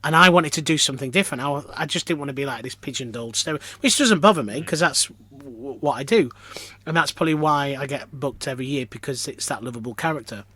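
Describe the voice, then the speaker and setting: Talking fast with hardly any pauses, a Lancashire pantomime performer guests on a podcast for a casual interview, telling self-deprecating stories with frequent restarts. His mid-range voice is sharp with a breathy edge.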